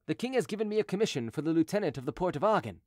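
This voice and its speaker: Guy doing a hot-tempered sarcastic envoy, pitched up, bounces around a lot, storybook reading. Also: sing-song, rapid-fire, a little mellow, no room sound, studio quality. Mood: insistent. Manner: exasperated, sardonic. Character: cunning middle-aged male royal envoy, quick-tempered.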